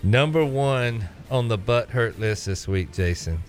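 A man's voice: mid-range voice, animated, measured pace, soft background music. A man co-hosting a sports talk show, ranting sarcastically and giving his opinions. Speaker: sports radio co-host.

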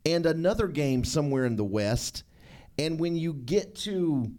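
A man's voice: on the high side, lively intonation, a little slow, dark tone. A man hosting sports talk radio, dropping wry one-liners and rambling through restarts.

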